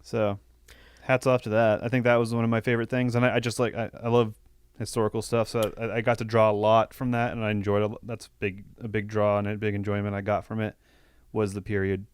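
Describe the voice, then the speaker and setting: A man co-hosting a podcast in casual chat, earnest and halting, steering the discussion. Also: on the low side, little pitch movement, smooth, dry recording. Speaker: podcast co-host steering the talk.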